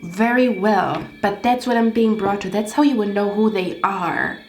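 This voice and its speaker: A woman's voice: mid-range voice, moderate pace, darkish tone. Woman tarot reader, ranty and profane, echoey room with faint music under her. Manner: rambling, heated, swears often. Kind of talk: casual tarot reading.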